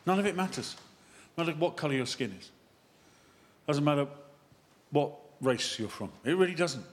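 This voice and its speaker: A man, a vicar, giving a lively sermon that wanders into chatty, self-mocking asides. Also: on the high side, normal speed. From England. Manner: animated, chatty preaching with digressions and self-deprecating asides.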